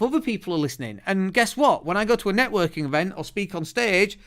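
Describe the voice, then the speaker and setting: British male podcast host, fairly high, smooth resonant voice, lively chatty delivery, studio mic. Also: moderate pace. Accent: British English. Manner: chatty, lively, often restarts words. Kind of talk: solo podcast monologue. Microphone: studio microphone.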